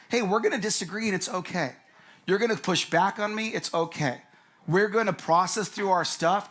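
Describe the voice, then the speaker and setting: A man's voice: fairly high pitch, a bit bright. A middle-aged man preaching a sermon in a candid, conversational way, often calling the crowd guys. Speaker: pastor.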